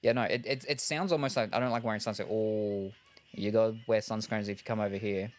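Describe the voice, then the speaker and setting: A man's voice: fairly low pitch, steady tone, fairly quick. Chatty rambling man unboxing on stream. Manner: rambling, chuckles often between remarks. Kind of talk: casual live-stream chat. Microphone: headset.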